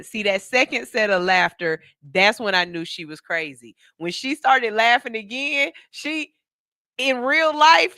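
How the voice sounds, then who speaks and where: A male morning radio host chatting casually and animatedly. His voice is bright and crisp. It is close-miked in a dry studio. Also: sits high, no echo. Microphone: studio mic.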